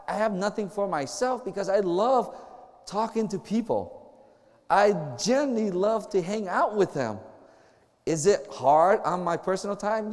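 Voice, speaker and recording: A man with a high voice preaches to a group in a casual, joking way, acting out quick back-and-forth conversations. His voice rings with the long reverb of a large hall. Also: darkish tone. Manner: chatty, joking, acts out little dialogues. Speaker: campus minister. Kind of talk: informal sermon to a group.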